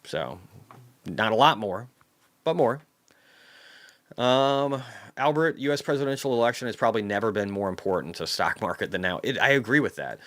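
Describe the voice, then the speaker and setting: A man's voice: fairly low pitch, lively intonation, moderate pace, long pauses, a bit bright. A man hosting a market recap livestream, casually ranting with heavy profanity and reading viewer comments aloud. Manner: profane, ranting, heated outbursts.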